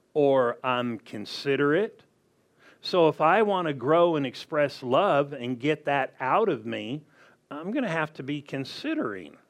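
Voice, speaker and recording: A man preaching a sermon as pastor, reading scripture aloud and putting rhetorical questions to his congregation. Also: medium pitch.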